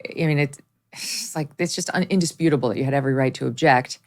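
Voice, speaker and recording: A woman's voice: sits low, fast talker. A woman hosting an interview, responding with sympathy and emphasis. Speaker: host.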